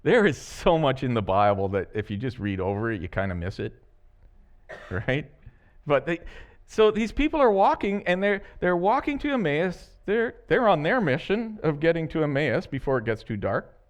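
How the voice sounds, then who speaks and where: A man preaching a sermon as a pastor, animated and laughing often as he acts out the story. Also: on the high side, normal speed.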